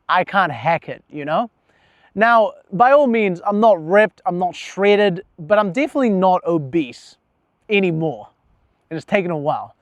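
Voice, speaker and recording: A man's voice: high voice, no room sound, lo-fi sound. A young man talking candidly about himself in a casual, profane vlog monologue, laughing at himself now and then. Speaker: vlogger.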